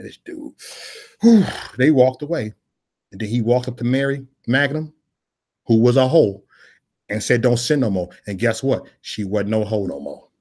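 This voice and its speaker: A man in his forties with a Chicago accent, preaching in raw street slang with lots of repetition. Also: mid-range voice. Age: 40s. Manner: repetitive, emphatic, conversational.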